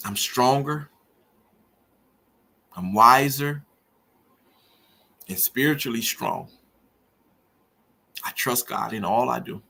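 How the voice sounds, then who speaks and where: His medium-pitched voice is slow, fry-laden, pushed, bright and a bit rough, with frequent pauses. The middle-aged podcaster talks personally and earnestly about loss and faith, preaching almost, his intensity climbing with feeling.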